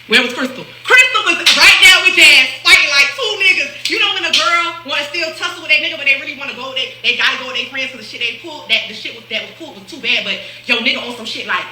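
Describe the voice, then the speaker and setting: A woman telling a story casually, animated, laughing often and acting out what others said. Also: high voice, quick pace, few pauses. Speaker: storyteller on a reaction video. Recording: echoey room with faint hiss.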